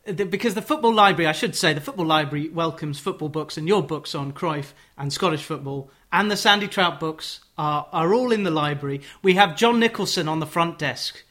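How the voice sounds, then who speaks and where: A man hosting a casual radio interview, chatty and cutting in with quick questions. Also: a little high, bright, forceful tone. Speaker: radio show host.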